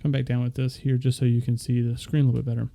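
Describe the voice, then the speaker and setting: Very dark-voiced man explaining stream settings. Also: medium pitch, flat delivery, rapid-fire, vocal fry. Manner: loose, rambling, talks to viewers directly with fillers. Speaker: streamer explaining audio setup. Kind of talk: casual screen-share tutorial.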